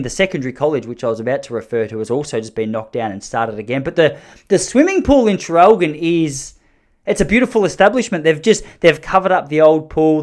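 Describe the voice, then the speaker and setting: Australian male podcast host, 30s, somewhat high-pitched, loose self-deprecating storyteller. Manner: rambling, self-mocking, often corrects himself mid-sentence. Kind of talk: casual storytelling monologue.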